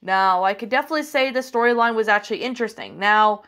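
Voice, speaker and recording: A woman's voice: on the high side, fast talker, a bit bright. A woman casually reviewing a story she narrated, rambling with many fillers and restarts, hesitant and apologetic. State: hiccuping.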